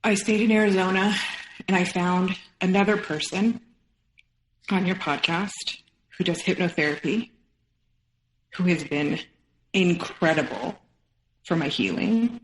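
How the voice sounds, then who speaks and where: A woman's voice: fairly low pitch, reverberant, low-quality recording. A woman in her thirties, a podcast guest, telling a personal story with feeling and acting out what others said. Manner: emotional, quotes others in rapid retelling.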